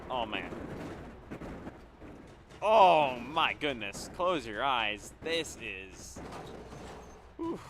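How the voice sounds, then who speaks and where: A young man calling live play-by-play for an online racing series, excitable and exclaiming at crashes. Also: mid-range voice, slow pace. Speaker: race commentator. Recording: loud racing game engine noise behind.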